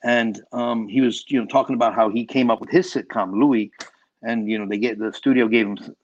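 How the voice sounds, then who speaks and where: A man's voice: mid-range voice, fairly even intonation, fairly quick. Guy filmmaker rambling thru a story, lots of restarts, kinda dull lo-fi sound. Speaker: filmmaker guest. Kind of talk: casual interview talk.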